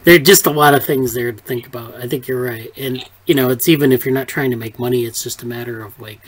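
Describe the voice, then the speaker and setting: A man's voice: medium pitch, fast, low-quality recording. Rambling man in a video meeting. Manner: rambling, many fillers and restarts. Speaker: research group leader. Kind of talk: casual meeting chat. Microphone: video call.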